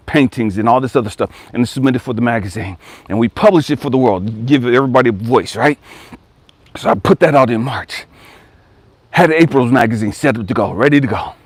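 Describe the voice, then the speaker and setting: A man's voice: mid-range voice, dry recording. A man giving a motivational spiritual talk as a coach. He repeats his exhortations emphatically, tells stories in a slangy, conversational way, and swears casually.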